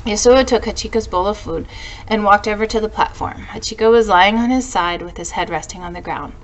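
A woman teacher reading a storybook aloud to her class in a gentle storytelling way. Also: lowish voice, low-quality recording.

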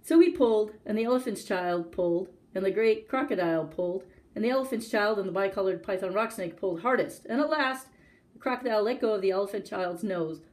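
A woman librarian reading a story aloud for children, expressive and talking straight to her listeners. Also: mid-range voice, brisk. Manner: expressive, addresses listener directly.

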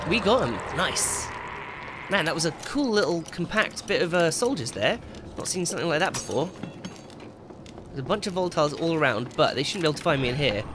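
A man's voice: on the high side, animated, fairly quick, background noise. A man commentating his own video game play, yelping and swearing whenever he gets startled. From England. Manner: jumpy, yelps and swears when startled. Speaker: gaming YouTuber.

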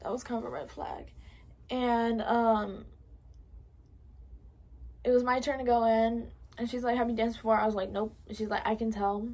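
Teen girl vlogger, kinda high voice, swears a lot, says like constantly, drops to whispers sometimes. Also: level tone, normal speed, long pauses, a little mellow. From California. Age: late teens. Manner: casual, profane, lots of "like" fillers. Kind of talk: storytime vlog.

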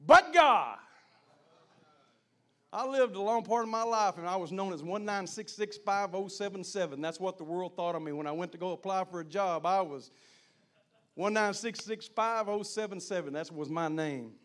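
A middle-aged man with a high-pitched voice delivers a sermon to men. He repeats phrases and pushes the energy up as he goes, until he is nearly shouting. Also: normal speed. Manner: preachy, repeats phrases, builds to shouting in prayer. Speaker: guest speaker at a men's gathering. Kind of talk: sermon and prayer.

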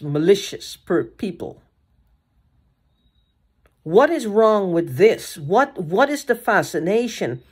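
A woman with a slightly low voice talks straight to her camera, agitated and frustrated. She stumbles, restarts and repeats herself, swearing now and then, while a cat meows somewhere in the background. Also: a little mellow. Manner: halting restarts and repeated phrases. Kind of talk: casual vlog monologue.

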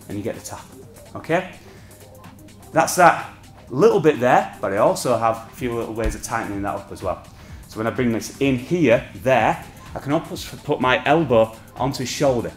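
A man's voice: medium pitch, reverberant. A man teaching a martial arts technique on a partner, explaining each step and checking in with frequent "okay?"s. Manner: explanatory, keeps checking with "okay?" and "all right?".

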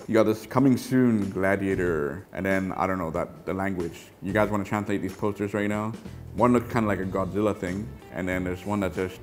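A man reviewing a toy set in a casual, excitable way, often trailing off into quiet mumbles. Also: mid-range voice.

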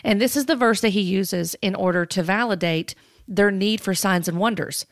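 A woman giving critical commentary in a measured, cautioning way, with occasional fillers. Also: mid-range voice, no room sound, clean studio sound.

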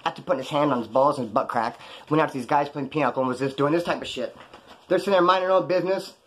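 A former prisoner telling stories about prison life in a blunt, rambling, profane way. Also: male voice, a little high, rapid-fire, a bit bright. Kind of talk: casual storytelling monologue.

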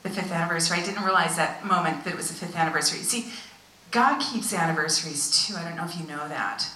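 A woman, a visiting pastor, telling a story in a sermon with animated delivery that drops to hushed tones for emphasis. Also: on the low side, fast talker. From United States. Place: church hall. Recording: echoey church hall, voice from far off.

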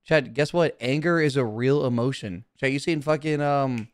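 A man's voice: medium pitch, moderate pace, no echo. A young man streaming casually, talking to his chat in a brash, profane, defensive way.

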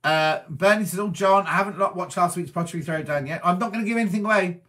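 A middle-aged man from Wiltshire in England, chatting as a presenter as he reads out viewer messages and answers each one with quick asides. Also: high voice, sharp tone. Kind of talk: casual chat reading viewer comments.

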